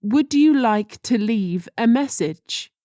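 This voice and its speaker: Slow, careful woman reading phrases. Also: fairly high pitch, animated, mellow, no room sound, studio quality. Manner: slow and deliberate, careful pronunciation. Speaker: language teacher.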